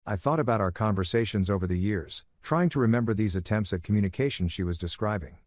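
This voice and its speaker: Man, story narrator, measured scripted reading, low voice, dry close recording. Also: a little mellow, no room sound.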